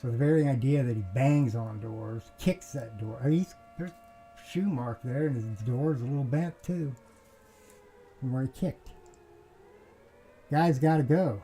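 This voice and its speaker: A man speaks slowly in a dark, mellow voice while he tells a personal grievance as a casual monologue. He rambles and circles back, restarting his sentences, and throws in a curse now and then. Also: mid-range voice, slight background noise, rough recording. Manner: rambling, restarts, swears, aggrieved. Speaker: vlogger.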